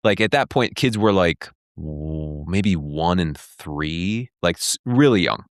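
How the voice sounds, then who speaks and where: A man's voice: deep voice, lively intonation, takes it slowly, no room sound, clean studio sound. A man in his thirties telling a personal story in an interview, acting out the dialogue and filling his speech with "like". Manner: retelling with quoted dialogue, many "like" fillers. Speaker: interview guest.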